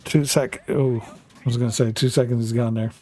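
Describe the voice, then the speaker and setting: A man's voice: mid-range voice, fairly even intonation, moderate pace, a little mellow, slight background noise. A man streaming a tank game, talking casually in a rambling way, full of fillers, and swearing now and then. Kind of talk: casual live gaming commentary.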